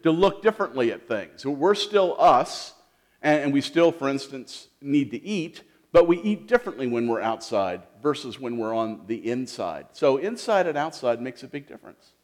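A man leading a children's sermon as pastor in a church, gentle and lively, asking the kids questions with frequent restarts. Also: medium pitch, normal speed. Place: church sanctuary.

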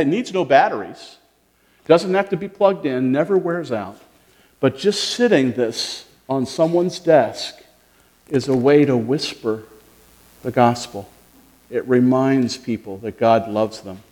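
Animated man giving a children's sermon. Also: mid-range voice, long reverb tail. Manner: animated, questioning, talks to children. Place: church sanctuary.

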